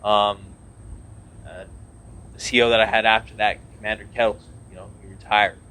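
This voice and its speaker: Guy in his 30s talking navy stuff on a podcast, kinda low voice, lots of um and you know, earnest, faint hiss behind. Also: steady tone, moderate pace, pushed and bright. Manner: earnest, rambling with many restarts and fillers. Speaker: podcast guest, naval officer. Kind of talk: casual conversational interview.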